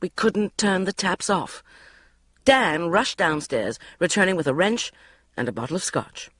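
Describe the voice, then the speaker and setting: A woman reading a first-person diary audiobook in a wry, expressive way. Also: on the low side, measured pace, no echo, studio quality. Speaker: audiobook narrator.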